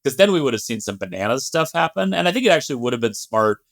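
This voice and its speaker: A man's voice: medium pitch, fast talker, creaky, no echo. Conversational male podcast host, dry sound. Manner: relaxed, conversational, hedging with fillers. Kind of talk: casual podcast chat.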